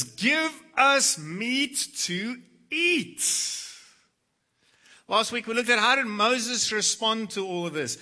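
Bright-voiced man preaching with dramatic swings. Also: sits high. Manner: dramatic, swings from hushed to loud when quoting scripture. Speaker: pastor. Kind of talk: sermon.

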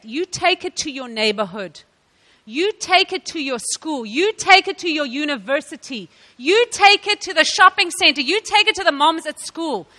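A woman from South Africa giving a sermon to women, telling stories with animated laughs. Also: high-pitched, long reverb tail. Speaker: women's ministry speaker.

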